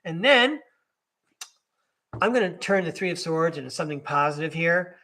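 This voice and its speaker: Man, high bright voice, chatty live-stream tarot host who laughs and self-corrects. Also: lively intonation, moderate pace. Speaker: podcast host reading tarot.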